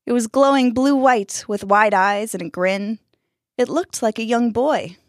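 A woman's voice: fairly high pitch, unhurried, dry recording, studio quality. Woman narrating a spooky story.

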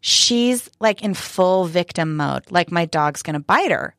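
A woman's voice: on the low side, a little slow, no echo, clean studio sound. A woman in casual conversation, telling a story with lots of fillers and acting out what others said. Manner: animated retelling, acts out quoted voices, many fillers. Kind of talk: casual chat.

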